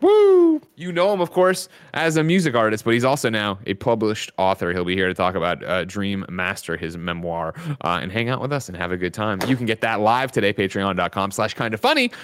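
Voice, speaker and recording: A man hosting a casual podcast, talking in an animated, emphatic way with loud outbursts. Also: lowish voice, a little fast, hardly any pauses, clear, resonant tone. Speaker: podcast host. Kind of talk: casual podcast chat and news reading.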